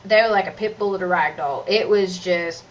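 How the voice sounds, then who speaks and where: A woman's voice: lowish voice, moderate pace. A mother ranting to her vlog camera, exasperated and emphatic, often restarting her sentences. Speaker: mother and vlogger. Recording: distant, dull lo-fi recording with faint noise.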